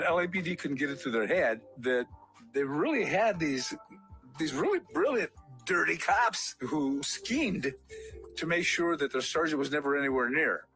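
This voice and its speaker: An older man, a civilian on a police disciplinary board, recounting a hearing in an animated interview with many fillers. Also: a little high, rough recording. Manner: animated retelling, acts out quotes, frequent fillers. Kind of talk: storytelling interview.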